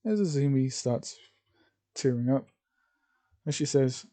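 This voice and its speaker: Male storyteller, casual and rambling, mellow dark voice. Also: medium pitch, animated, a little slow. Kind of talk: reading a fan story aloud.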